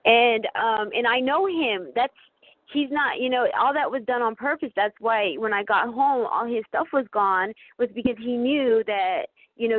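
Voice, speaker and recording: A woman's voice: on the high side, no echo. A woman calling in to a podcast, speaking hesitantly with stammers and restarts. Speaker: guest caller. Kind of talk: phone-in podcast conversation. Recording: dry tinny phone line.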